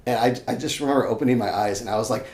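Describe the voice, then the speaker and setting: Young man, podcast guest, animated storytelling, echoey room. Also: medium pitch, racing. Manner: animated, swears freely, acts out his own shouts. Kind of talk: casual storytelling. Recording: echoey room, faint background noise.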